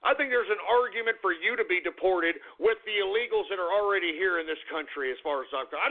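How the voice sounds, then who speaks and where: A man hosting a talk radio show launches into an angry, profane political rant at his audience, circling back to the same points. He talks quickly in a high voice with few pauses, and the radio audio sounds tinny, like a phone line.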